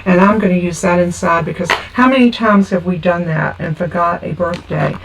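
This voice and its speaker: A chatty woman walks through a card-making tutorial step by step. Her voice is a little gravelly and sits back from the mic. Faint noise hums under it. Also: fairly low pitch, moderate pace. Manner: chatty, homey, talks through each step. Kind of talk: casual craft tutorial. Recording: from a distance with faint background noise.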